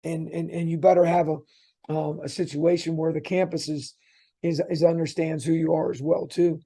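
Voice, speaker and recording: A man's voice: fairly high pitch, flat delivery, moderate pace, dark tone. A middle-aged man, a college basketball coach, telling rambling, chatty anecdotes as an interview guest, with many restarts.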